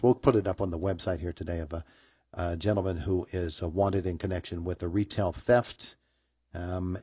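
A middle-aged man hosting a morning radio interview, talking in a halting way full of fillers and restarts. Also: low-pitched, slightly rough, no echo, clean studio sound. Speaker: radio morning show host.

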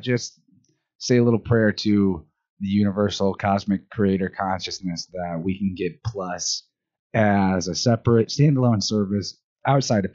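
A man with a very deep voice hosts a podcast, chatty and upbeat as he talks straight to his listeners. The sound is dull and lo-fi. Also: darkish tone. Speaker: podcast host. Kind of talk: casual podcast outro.

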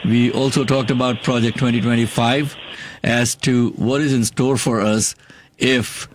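A man's voice: medium pitch, no echo. A man with a non-native accent hosting political talk radio, talking in a blunt, emphatic, opinionated way. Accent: non-native English accent. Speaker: radio talk show host.

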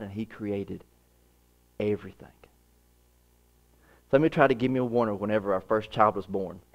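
A man in his thirties preaching a sermon as pastor, earnest, with repeated phrases, swinging from hushed to emphatic. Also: fairly low pitch, dull audio.

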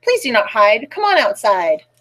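A woman's voice: on the high side, big pitch swings, normal speed, fairly bright tone. A woman voicing a friendly big male bear in a children's storybook, with a welcoming, eager way of talking. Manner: welcoming, pleading questions.

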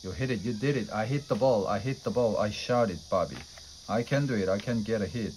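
A man's voice: fairly low pitch, a little fast, darkish tone, a little hiss or hum, natural voice. A man voicing an eager, encouraging young boy in a storybook reading. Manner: encouraging, cheerful. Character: eager young boy baseball coach friend.

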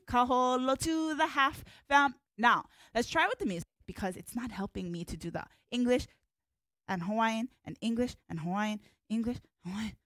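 A woman's voice: on the high side, expressive, moderate pace, a bit bright, no room sound, clean studio sound. A woman teaching a hula class live. She calls out the moves and mixes Hawaiian words into her English instructions in an upbeat way.

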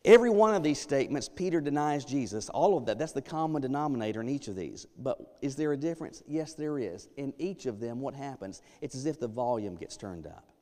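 A man preaching a sermon as pastor, emphatic, dropping to a hush and then rising loud. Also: mid-range voice, expressive, a little fast. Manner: emphatic, swings from hushed to loud. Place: church sanctuary. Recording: long church reverb.

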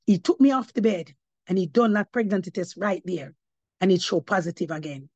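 A woman's voice: lowish voice, lively intonation, fairly quick, dark tone, dry recording, dull audio. A woman giving her testimony as an apostle, preaching to a congregation and slipping between English and patois, rising to emphatic cries of praise.

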